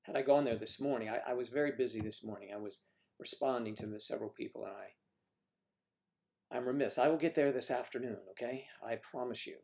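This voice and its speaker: His voice is medium-pitched, creaky and a little mellow, and he talks fairly quickly. The man, from the northern United States, hosts a casual livestream, chatting, joking and reading viewer comments out loud.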